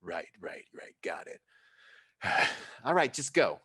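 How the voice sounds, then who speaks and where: A man's voice: mid-range voice, very animated, slow pace, pushed and bright, breathy edge, voice pushed up, full character voice. A man voicing a tiny, mousy male denizen who is impatient, brash and swears a lot. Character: mousy tiny male denizen, harried, foul-mouthed boss.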